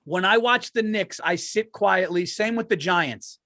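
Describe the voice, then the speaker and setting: A man's voice: high voice, measured pace, bright, forceful tone, no room sound, clean studio sound. A man co-hosting a comedy podcast in casual chat, rambling and self-deprecating with many restarts. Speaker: podcast co-host.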